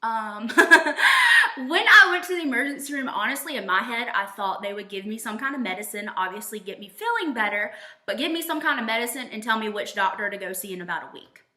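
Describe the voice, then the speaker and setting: Bright-voiced young woman telling a story. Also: a little fast, reverberant. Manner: animated, voices quotes with big jumps in pitch. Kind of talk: casual storytelling.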